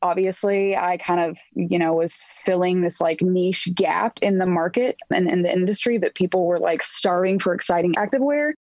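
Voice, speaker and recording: A woman's voice: on the low side, normal speed, hardly any pauses, a little mellow, dry recording. A woman fashion designer talking as a podcast guest over a video call, chatty and full of fillers. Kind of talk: casual interview. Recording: dull video-call audio.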